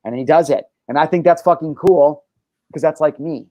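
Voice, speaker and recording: Man, podcast host, brash, swears a lot, mellow tone, dry recording. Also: a little high, moderate pace, dry recording. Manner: brash, profane, boastful storytelling. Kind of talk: casual podcast chat.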